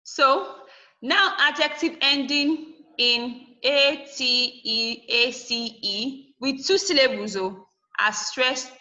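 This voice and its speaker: Bright-voiced woman teaching a lesson. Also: high-pitched, takes it slowly, lo-fi sound. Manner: asks and answers her own questions; spells endings letter by letter. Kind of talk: classroom lesson.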